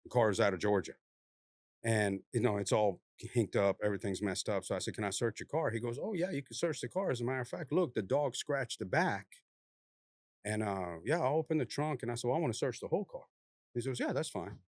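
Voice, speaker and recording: Animated former cop telling stories. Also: male voice, medium pitch, fairly quick, no room sound, clean studio sound. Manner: animated, laughing, swears freely. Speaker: former narcotics task force officer. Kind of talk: casual storytelling.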